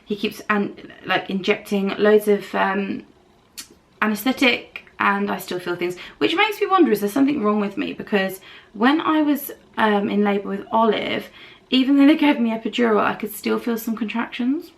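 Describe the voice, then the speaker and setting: A woman's voice: mid-range voice, moderate pace, gravelly. A British woman vlogging casually at home while doing her makeup, telling a long, candid story while recovering from dental treatment. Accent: British English. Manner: chatty, candid, rambling storytelling. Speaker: beauty vlogger.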